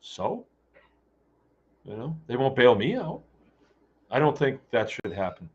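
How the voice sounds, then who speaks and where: A man's voice: mid-range voice, big pitch swings, measured pace. A man hosting a casual talk show, speaking in a blunt, joking and rambling way. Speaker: host. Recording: dull lo-fi recording.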